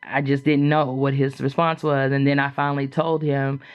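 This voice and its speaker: Animated woman telling a frank story. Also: normal speed, smooth. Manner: animated, acts out quoted voices with big jumps in pitch; frank and chatty, with frequent fillers. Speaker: podcast guest. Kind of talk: casual personal storytelling.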